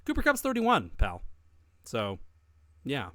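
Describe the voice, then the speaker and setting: A man's voice: slow, no room sound, studio quality. Emphatic man co-hosting a podcast. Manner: emphatic, animated, with big swings in pitch. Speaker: podcast co-host. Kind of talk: casual podcast chat.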